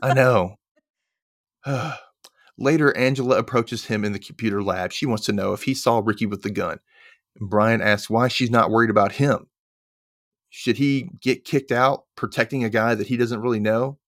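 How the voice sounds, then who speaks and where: A man with a mid-range, slightly bright voice hosts a podcast in clean studio quality with no room sound. He casually recaps a TV episode, retelling scenes and acting out lines with quick voiced asides.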